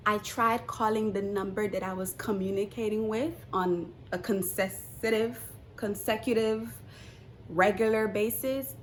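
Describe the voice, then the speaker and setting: A young woman vlogger telling a casual storytime, acting out the quotes and swinging between hushed asides and loud outbursts. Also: mid-range voice, a little slow, a little hiss or hum.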